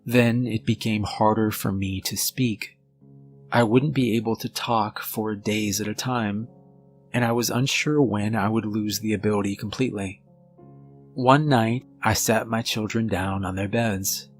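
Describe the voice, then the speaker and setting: A man giving a measured, scripted first-person narration of a horror story. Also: lowish voice, steady tone. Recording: faint music bed under voice. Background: soft background music.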